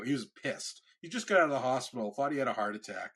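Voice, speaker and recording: A man's voice: mid-range voice, fairly quick, breathy edge. A man in his thirties, a podcast host, telling a story in casual chat and acting out the quotes. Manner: animated storyteller, acts out quotes.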